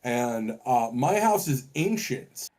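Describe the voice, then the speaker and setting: A man's voice: mid-range voice, big pitch swings, takes it slowly, a little mellow. Man telling a long story on a podcast. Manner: swears often, tells stories at length. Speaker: podcast co-host. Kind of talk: casual podcast chat.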